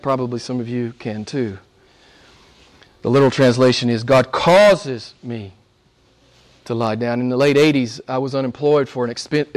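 An older pastor with a mid-range voice preaches a sermon, swinging between loud, emphatic calls and hushed near-whispers. He presses his listeners with rhetorical questions.

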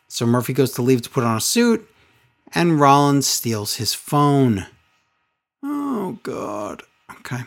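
A woman's voice: deep voice, very animated, measured pace. A woman co-hosting a casual recap podcast, telling the story with sarcastic exasperation and mocking impressions. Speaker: wrestling recap podcast co-host.

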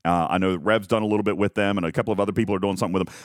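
A man hosting a live stream, talking in a rambling, self-mocking way with lots of halting restarts. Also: fairly low pitch, steady tone, no echo, clean studio sound. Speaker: host of a live game talk stream. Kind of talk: casual live-stream chat.

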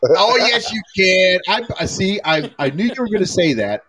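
Older American man, lively rambling host. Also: high voice, normal speed, noisy background. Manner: jokey, rambling, laughs often. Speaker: podcast host. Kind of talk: casual chat.

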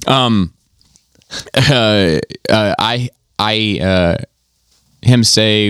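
A man's voice: on the low side, a little slow, fairly bright tone, clean tone, dry recording, studio quality. A man hosting a podcast in casual chat, reading listener emails aloud in a laid-back way with frequent swearing and laughter. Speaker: podcast host.

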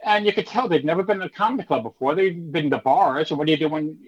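Quick and a bit rough, this man's higher-pitched voice comes through on lo-fi audio. A fifties-aged ex-stand-up comedian, he chats casually in an interview, animatedly performing the people in his anecdotes and doing character voices for hecklers.

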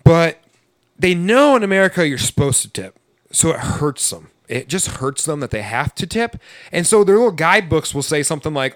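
A man's voice: a little high, sing-song, moderate pace, fairly bright tone, no room sound, studio quality. A man who hosts a podcast and works as a server, chatting casually in a blunt, profane, ranting way. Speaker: podcast host and restaurant server. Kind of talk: casual chat.

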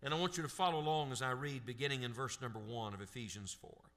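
A male pastor preaching a sermon emphatically, asking the congregation questions and reading scripture aloud slowly. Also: mid-range voice, fairly bright tone.

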